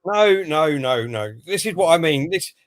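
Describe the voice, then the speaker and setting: A man's voice: a little high, animated, normal speed, no room sound. A man talking football on a video call from his computer, agreeing often and swearing casually. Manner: agreeable, chatty, sprinkles in swearing. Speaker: fan pundit. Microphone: computer mic on video call.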